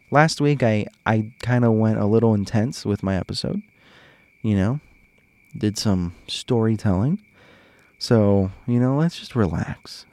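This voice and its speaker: Speaking at a normal speed with lively intonation, a male podcast host chats casually and with animation directly to his audience, frequently chuckling through his stories. His voice is medium-pitched and darkish, with no room sound.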